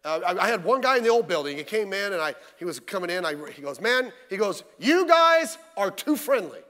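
A man preaches a midweek sermon, his voice sitting notably high for a man. He keeps it folksy and conversational, tossing rhetorical questions at the congregation. The sound rings with a long church-hall reverb. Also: lively intonation, fast, fairly bright tone. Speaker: pastor.

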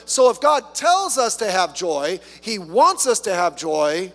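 Lively high-voiced man preaching. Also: unhurried. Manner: conversational, with rhetorical questions and humorous asides. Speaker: pastor. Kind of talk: sermon. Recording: long reverb from a hall.

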